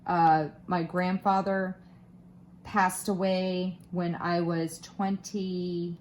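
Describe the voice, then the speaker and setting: A woman in her thirties or forties talks in a lower register with a slight Florida twang, wandering from thought to thought. She chats casually while crafting and pokes fun at herself. A faint background hiss runs under her voice. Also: level tone, takes it slowly, a little mellow. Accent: Southern US, Florida twang. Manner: rambling and self-deprecating, many fillers. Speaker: crafting vlogger.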